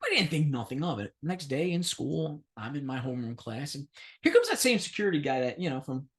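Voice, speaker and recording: A man co-hosts a podcast and tells a long anecdote in casual chat. His voice swings widely in pitch as he acts out each person in the story. He swears freely and laughs as he goes. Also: very animated, brisk. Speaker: podcast co-host.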